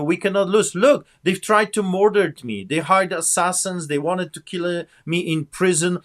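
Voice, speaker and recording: A pastor preaching fervently as a guest, with rousing biblical exhortation. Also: male voice, on the high side, fairly bright tone. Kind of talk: preaching to an online audience.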